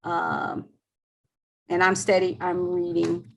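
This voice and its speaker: A webinar presenter wraps up questions on a video call in a casual, chatty way, offering warm thanks and trailing off with many ums. Her voice is lowish, slow, monotone and creaky, worn from talking all day, and the audio is dull.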